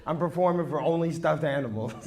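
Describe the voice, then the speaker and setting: A man's voice: fairly high pitch, fast. A man doing a stand-up set with crowd work from a handheld mic in a small live venue, crude and self-deprecating as he teases the audience. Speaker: stand-up comedian. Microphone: handheld microphone. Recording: noisy live room recording.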